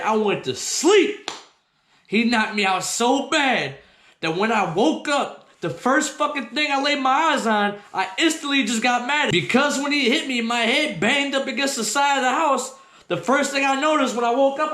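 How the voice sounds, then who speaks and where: High-pitched dude telling a wild story, cussing nonstop, slangy, echoey room. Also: male voice, unhurried. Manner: profane, slangy, animated, acts out voices. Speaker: host. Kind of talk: comedic personal storytelling. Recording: roomy echo.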